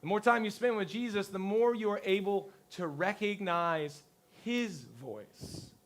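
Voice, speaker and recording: A male pastor giving a conversational sermon to his congregation, telling lively stories and acting out the people he quotes. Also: high-pitched, measured pace. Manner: lively storyteller who acts out quotes. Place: church service before a congregation.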